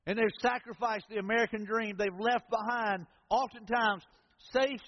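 A man's voice: high voice, slight background noise. A man preaching a sermon to a congregation in a church sanctuary, in a folksy, conversational style with storytelling asides. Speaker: pastor. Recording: echoey hall, dull lo-fi sound.

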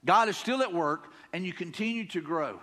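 A man's voice: sits high, lively intonation, moderate pace, pushed and bright, in a large hall. A man with a Southern US accent preaching a sermon as pastor, talking in a conversational, folksy way and often repeating himself. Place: church sanctuary.

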